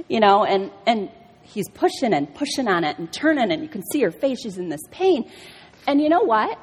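A woman's voice: a little high, brisk, slightly rough. A middle-aged woman giving a personal testimony sermon at a church, telling stories and acting out the voices in them. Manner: animated storytelling, acts out quotes. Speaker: speaker at a church service. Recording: reverberant hall.

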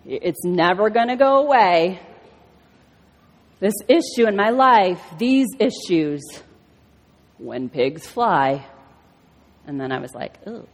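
A woman's voice: mid-range voice, slow pace, long pauses. A middle-aged woman giving a personal testimony sermon at a church, telling stories and acting out the voices in them. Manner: animated storytelling, acts out quotes. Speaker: speaker at a church service. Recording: reverberant hall.

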